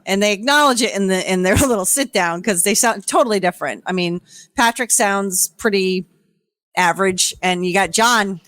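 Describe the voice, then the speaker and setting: A woman's voice: mid-range voice, a bit bright, dry recording. Profane, rambling woman podcast co-host. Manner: profane, rambling storytelling with quick impressions. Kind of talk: casual reality-TV recap chat.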